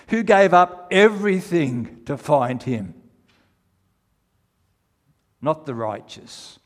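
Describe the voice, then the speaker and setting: Animated preacher in a reverberant hall. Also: male voice, medium pitch. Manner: animated storytelling, rises to near-shouting when retelling. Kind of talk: sermon.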